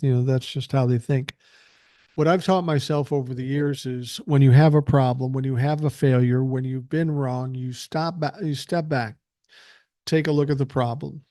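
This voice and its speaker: Gruff, profane older male podcaster. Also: medium pitch, mellow, dry recording, studio quality. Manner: blunt, profane, angry ranting. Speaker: podcast host. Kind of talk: political podcast monologue.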